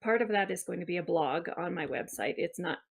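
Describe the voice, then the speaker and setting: A woman's voice: fairly low pitch, animated, a little fast, vocal fry, slightly rough. A woman who is a guest on a podcast, speaking in an earnest, hesitant way with many ums. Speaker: guest, wellness copywriter and coach. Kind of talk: casual interview chat.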